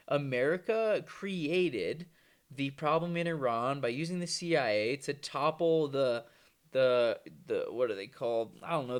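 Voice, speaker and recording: A man delivering a casual, rambling vlog monologue, swearing freely in a loose, conversational manner. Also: fairly high pitch. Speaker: vlogger.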